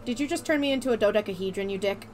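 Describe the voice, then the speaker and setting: A woman streaming a golf game with friends, excitable, laughing and swearing loudly. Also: mid-range voice, rapid-fire, slight background noise. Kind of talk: casual gaming chat with friends.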